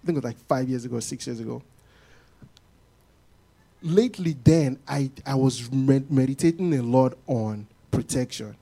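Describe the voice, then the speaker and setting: A man preaching a sermon to a congregation in an animated way, often acting out what people say. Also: mid-range voice, normal speed, gravelly.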